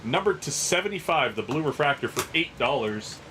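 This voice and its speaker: A man's voice: medium pitch, lively intonation, brisk, pushed and bright, a little hiss or hum. A man in his thirties hosting a sports card auction stream, joking profanely and laughing hard at his own stories. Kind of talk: casual livestream auction chat.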